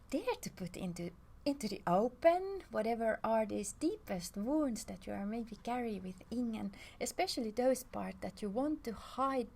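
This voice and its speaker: A young adult woman hosting a gentle self-help talk, soft and tender, often sinking into a breathy half-whisper. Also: a little high, slight background noise. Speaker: self-help video host.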